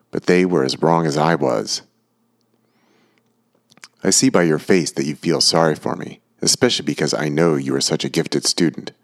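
Brief: fanatical woman artist, preaching conviction, audiobook reading by a very deep-voiced man.

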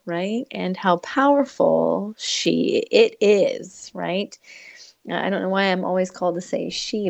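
A woman explaining her views in conversation, in an unhurried, reflective way with frequent pauses. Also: mid-range voice, vocal fry, no room sound.

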